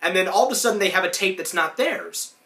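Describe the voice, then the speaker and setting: Podcast host, man, tense bright tone, casual rambling recap. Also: sits high, quick pace, reverberant, far from the mic. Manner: rambling, acts out lines in put-on voices. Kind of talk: casual recap of a cartoon episode.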